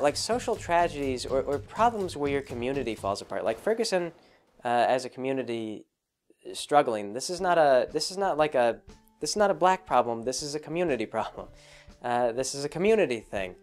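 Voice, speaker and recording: A man's voice: medium pitch, darkish tone. Rambling man, filler-heavy commentary. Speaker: video host. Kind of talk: casual commentary monologue.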